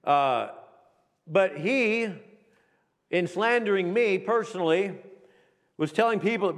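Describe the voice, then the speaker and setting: A middle-aged male pastor preaching a sermon with emphasis, slowing down to read scripture aloud. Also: high voice, expressive. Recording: long reverb of a hall.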